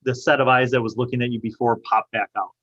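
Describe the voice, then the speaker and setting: A man as game master, narrating a tabletop game in halting description with many fillers. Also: mid-range voice, little pitch movement, a bit bright, highs cut off.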